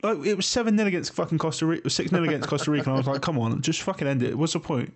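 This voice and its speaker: A man's voice: fairly high pitch, very fast. A man co-hosting a casual football podcast, teasing his partner and swearing freely in exasperation. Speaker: podcast co-host.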